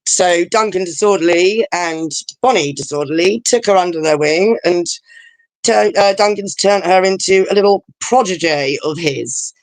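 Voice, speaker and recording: A woman's voice: fairly low pitch, darkish tone, no echo. A woman, chatting over a video call as a guest, rambling and emotional with many fillers.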